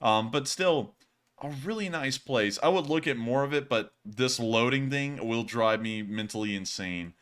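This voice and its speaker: A young man hosting a casual livestream and reading donations, animated and quick to laugh. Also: mid-range voice, smooth. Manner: animated, laughs often, swings loud and quiet.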